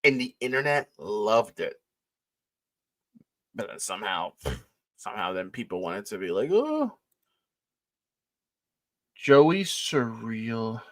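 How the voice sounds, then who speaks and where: Male streamer, rambling casual chat, lively delivery, dry room. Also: fairly low pitch, a little slow, pauses often, no echo. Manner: rambling, chatty, laughs often. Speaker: live stream co-host.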